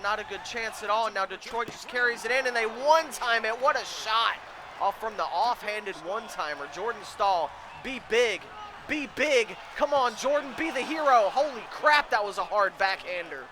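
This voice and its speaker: High-pitched man yelling at a hockey game. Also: normal speed, background noise. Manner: frantic, pleading with players, yelling at the game. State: voice going hoarse. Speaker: gamer commentating his own play. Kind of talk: excited let's-play commentary.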